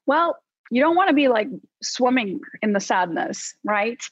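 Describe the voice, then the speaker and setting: Woman psychologist, coaching podcast talk, casual fillers, husky tone, slightly muffled recording. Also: fairly high pitch, animated, unhurried, no room sound. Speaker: psychologist guest. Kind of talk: conversational podcast advice. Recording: slightly dull, dry podcast audio.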